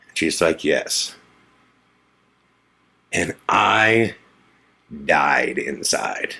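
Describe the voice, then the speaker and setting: Husky man telling a story. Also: rumbling low, extremely slow, long pauses. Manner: animated, acts out quotes in a hushed voice. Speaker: podcast host. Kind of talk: storytelling monologue.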